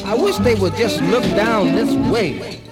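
A man's voice: sits high, lively intonation, a little slow. A man singing as a hungry country man pleading for biscuits. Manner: pleading, folksy drawl, half-sung. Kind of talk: sung and spoken novelty song. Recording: song with loud guitar backing. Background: guitar music.

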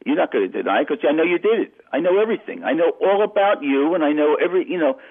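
A man putting on the rough voice of a threatening older tough guy over a phone-like radio line. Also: medium pitch, fast, lightly acted. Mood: menacing. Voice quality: rough, gravelly. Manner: threatening, yelling.

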